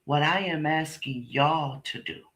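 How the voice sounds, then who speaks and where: A woman's voice: sits low, unhurried, fairly bright tone. A middle-aged woman hosting a casual live stream, talking bluntly and emphatically to her viewers, often repeating herself and swearing. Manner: talks directly to chat viewers by name. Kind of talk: casual livestream chat with viewers.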